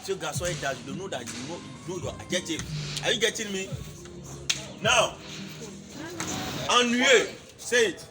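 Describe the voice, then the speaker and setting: A man's voice: sits high, lively intonation, a little fast, over music. A man teaching a French class, drilling words and having students repeat them. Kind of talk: classroom language lesson.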